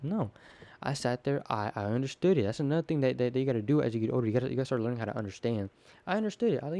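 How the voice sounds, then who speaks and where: Hosting a relaxed solo podcast, this teen boy speaks fast with a mellow, dark, medium-pitched voice that's full of expression. He stumbles and doubles back on words as he plays out bits of conversation, sounding unscripted, and the recording has no room sound.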